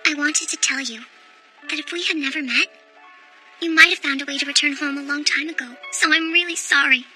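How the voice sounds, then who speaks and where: A gentle young heroine. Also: female voice, high voice, fairly quick, faint music behind. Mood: tender. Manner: soft and sincere. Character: gentle, apologetic young woman. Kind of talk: anime dub acting.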